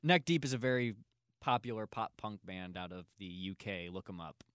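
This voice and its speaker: A man hosts a casual podcast, telling a long, meandering story packed with filler words. His voice is bright and forceful, with sudden loud laughs. The sound is dry and close to the mic. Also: on the low side, lively intonation, moderate pace, clear, resonant tone, no echo. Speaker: podcast host.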